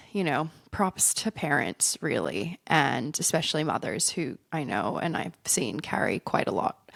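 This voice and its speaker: A woman hosting a solo podcast with a head cold, her voice husky and congested, rambling and laughing at herself in casual chat. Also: low-pitched, no room sound, clean studio sound. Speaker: podcast host.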